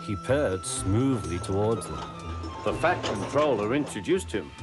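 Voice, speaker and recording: Man, storybook narration, gentle, slow, lively pitch, music behind.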